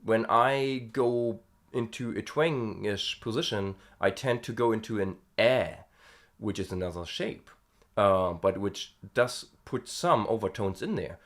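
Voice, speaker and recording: Guy coaching screams, chill and chatty, slow-talking, kinda low voice. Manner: relaxed, chatty, demonstrates twanged vowels. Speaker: scream vocal coach and vlogger. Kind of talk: casual video lesson with vocal demos.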